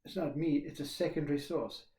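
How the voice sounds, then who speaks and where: A man giving a slow, reflective spiritual talk, repeating questions and pausing often. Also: a little high, dark tone, echoey room. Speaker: spiritual teacher.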